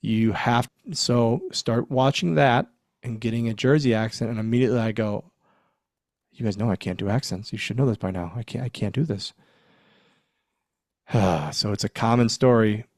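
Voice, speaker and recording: A man in his forties with a mid-range voice and moderate pace tells backstage stories from his wrestling days in an easygoing interview. Animated, he performs the quotes and laughs often. The studio-quality audio has no room sound.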